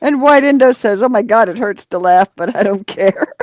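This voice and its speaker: A woman hosting a casual live stream, reading viewer comments aloud and laughing a lot, with drawn-out exclamations. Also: medium pitch, dry recording, muffled recording. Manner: giggly, reads chat comments aloud, often laughing; drawls exclamations like "Oh, Lordy". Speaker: livestream host reading chat.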